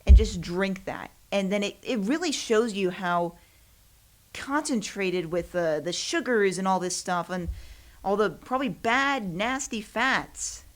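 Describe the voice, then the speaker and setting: A young podcast host talks on her own show in an animated, medium-pitched voice at a measured pace. Her casual solo chat rambles along, self-deprecating and dotted with laughter.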